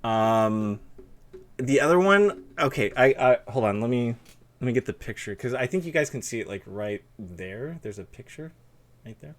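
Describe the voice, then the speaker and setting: A young man with a lisp hosts a stream interview with a guest, chatting casually in a loose, rambling style packed with fillers. His medium-pitched voice is expressive and moves at a moderate pace, with slight background noise behind it.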